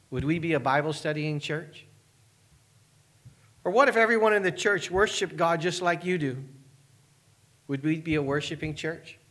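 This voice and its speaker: A man's voice: on the high side, fairly bright tone. A man pastor preaching a sermon, asking his congregation one earnest question after another.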